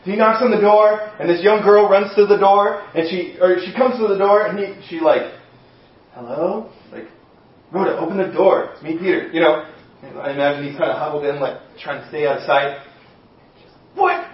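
A man preaching a sermon as pastor, telling the story with lively acted-out voices. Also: high voice, a little fast. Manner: animated storytelling, acting out voices. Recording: echoey room, dull sound.

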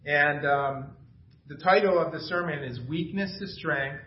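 A man's voice: a little high, unhurried, a little hiss or hum. A middle-aged man preaching an informal, conversational sermon, self-deprecating and asking the room questions. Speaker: pastor. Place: small church room. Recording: echoey room from far off, dull sound.

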